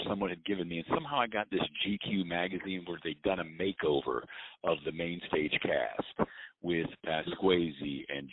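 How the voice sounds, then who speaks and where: A man hosting an interview, chatting and asking long, winding questions. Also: deep voice. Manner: conversational, asks long questions. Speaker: host, interviewer. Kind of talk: interview chat. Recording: phone-like line with faint noise.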